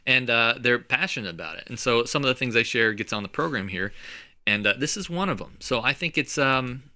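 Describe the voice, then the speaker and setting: A man's voice: medium pitch, lively intonation, brisk, bright, forceful tone. A man hosting a podcast, chatting casually and animatedly, laughing often and repeating words as he thinks aloud. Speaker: podcast host. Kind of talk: casual chat.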